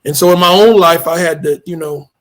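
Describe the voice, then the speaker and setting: A man speaking as a podcast guest, earnest and measured, with fairly formal wording. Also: a little high, a bit bright. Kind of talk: casual podcast conversation.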